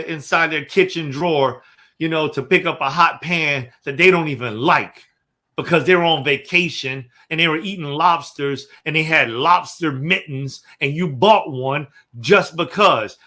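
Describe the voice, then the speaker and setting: A man co-hosting a casual talk show, telling an animated story and reading messages aloud. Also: a little high. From Florida. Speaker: co-host.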